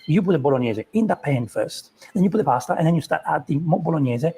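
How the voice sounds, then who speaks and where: A man's voice: fairly high pitch, lively intonation, fast talker, vocal fry, mellow, husky. A man, a chef, giving an exasperated running critique of a cooking video. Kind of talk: casual reaction commentary.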